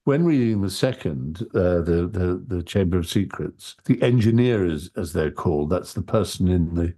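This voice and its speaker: Deep husky man telling stories. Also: lively intonation, mellow. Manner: articulate storyteller, halting with frequent restarts. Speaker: interview guest, audiobook narrator. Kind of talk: relaxed anecdotal conversation.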